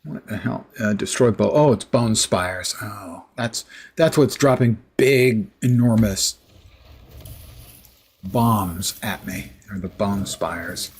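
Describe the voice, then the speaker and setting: A man's voice: lowish voice, takes it slowly, breathy edge. A middle-aged man streaming a game, giving casual commentary with dry, sarcastic asides.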